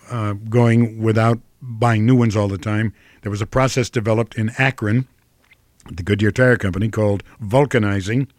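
An older actor from Ohio with a flat Midwestern accent, answering interview questions slowly, with many fillers and restarts. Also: male voice, fairly low pitch, no echo. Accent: flat Midwestern American.

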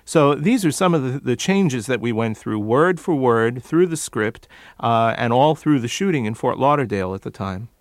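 A man's voice: medium pitch, lively intonation, moderate pace, no echo, studio quality. A man answering interview questions as a dialect coach, explaining his work in detail.

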